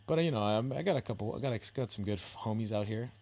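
Rambling, swearing podcast guy, lowish voice. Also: rapid-fire, darkish tone. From San Francisco Bay Area. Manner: rambling, heavy swearing, self-deprecating, laid-back slang. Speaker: podcast host. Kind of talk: casual solo podcast rambling.

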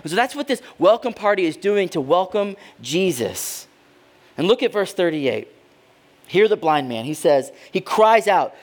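A man preaches with a high, lively voice that climbs and falls all over the place. He sinks into quiet, heavy pauses, then bursts out loudly when he voices the people in the story. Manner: dramatic, swings from hushed to loud voicing of characters. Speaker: pastor. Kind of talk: sermon.

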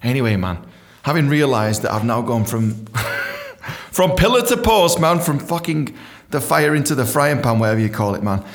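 A man telling a comic story about his own life, animated and swearing, voicing the other people in it with high squeaky tones. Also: normal speed.

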